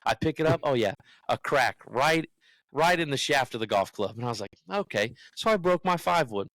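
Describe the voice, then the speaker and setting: A man's voice: mid-range voice, brisk, no echo, poor audio. Man telling a story, acting out quotes. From United States. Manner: animated storyteller who acts out what others said. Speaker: podcast co-host. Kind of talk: casual storytelling.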